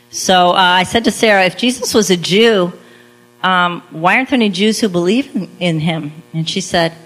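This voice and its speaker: A woman's voice: lowish voice, low-quality recording. A woman telling a personal testimony as a talk, acting out quoted lines and laughing lightly. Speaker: speaker giving a testimony.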